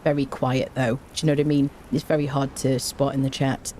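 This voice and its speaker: Low, mellow woman game streamer, chatty, greets chat warmly and laughs a lot. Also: steady tone, normal speed, a little hiss or hum. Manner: chatty, greets viewers by name, laughs often. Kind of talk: casual livestream chat.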